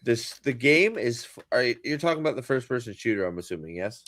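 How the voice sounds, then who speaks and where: A man's voice: medium pitch, very animated, fast talker, a bit bright, no echo. A man co-hosting a casual podcast who jokes sarcastically, swears a lot and laughs often. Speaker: podcast co-host. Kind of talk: casual profane banter.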